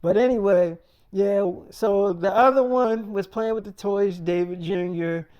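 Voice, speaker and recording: A man's voice: high voice, a little slow, clear, resonant tone, lo-fi sound. Man, casual storyteller, rambling and profane, loose delivery. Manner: rambling, profane, many fillers.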